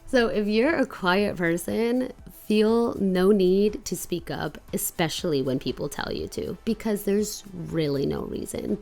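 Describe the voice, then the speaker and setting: A woman's voice: creaky, a little mellow. A young woman vlogging in a loose, candid casual chat, swearing freely and mimicking others. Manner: candid, loose, swears, quotes others in high mocking voices.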